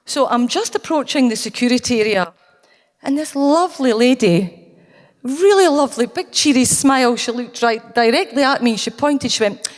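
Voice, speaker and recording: A woman's voice: on the high side, animated, normal speed. Scottish woman telling a story in a reverberant hall. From Scotland. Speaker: conference speaker. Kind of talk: storytelling keynote talk. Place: conference hall. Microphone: handheld or stage mic, cutting out.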